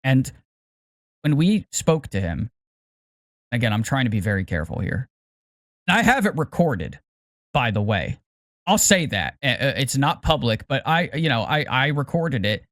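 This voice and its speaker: Cautious, halting man on a podcast. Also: mid-range voice, big pitch swings, a bit bright, no room sound, studio quality. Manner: careful, hesitant, repeats words while choosing them. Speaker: podcast co-host. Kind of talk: casual podcast chat.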